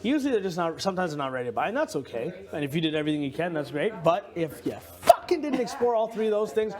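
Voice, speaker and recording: A man's voice: high voice, big pitch swings, fast, very noisy. A man telling a story in casual conversation, swearing freely and acting out the people in it with laughter. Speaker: reality show houseguest.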